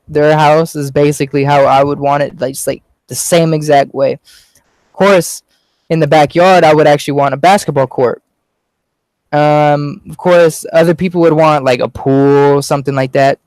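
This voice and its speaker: A man's voice: a little high, a little mellow, smooth, dry recording, low-quality recording. A young man chatting casually as a small YouTuber, rambling with lots of fillers and an easygoing manner. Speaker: youtuber being interviewed. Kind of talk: casual chat.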